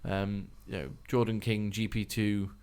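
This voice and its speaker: Brief: male podcast co-host, lowish voice, easygoing banter that turns loud when excited. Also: measured pace, smooth. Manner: chatty, laughs often, gets loud when excited. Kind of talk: casual chat.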